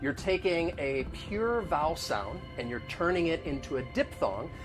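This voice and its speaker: A man teaching an online lesson about accents, explaining step by step in a clear, friendly manner. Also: on the high side, lively intonation, moderate pace, over music.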